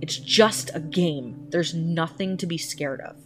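A gruff, stern father in a spoken horror tale, insistent and quick to anger, as a woman reads him. The voice sits low and deep. Music plays beneath the reading. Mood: angry. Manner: gruff, insistent, shouting when pressed. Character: stern gruff farmer father, denying and angry. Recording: music playing under the voice.

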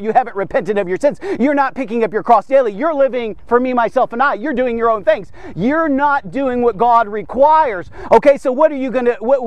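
A man's voice: extremely high pitch, no echo. A man preaching a devotional sermon, emphatic and repetitive, often checking in with "okay?".

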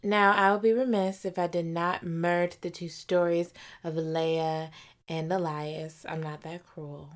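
Woman book vlogger, lowish voice, effusive and animated, slips into whispers. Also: unhurried. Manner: gushing, animated, drops to whispers for emphasis. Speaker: book reviewer. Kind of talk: casual book review vlog.

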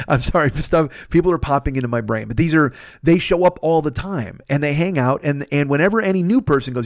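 Podcast host, male, rapid rambling monologue, slightly high voice, dry close sound. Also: no echo. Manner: rambling, profane, excitable, frequent restarts. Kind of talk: casual solo podcast monologue.

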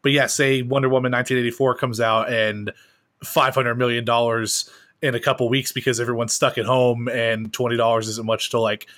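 A man's voice: medium pitch, fairly quick. Man rambling through casual movie chat. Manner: rambling, filler-heavy, speeds up when excited. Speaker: podcast co-host.

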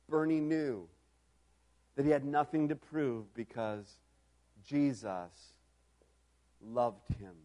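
A man preaching a sermon in a storytelling style, moving from quiet reflection to loud, emphatic calls. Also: fairly high pitch.

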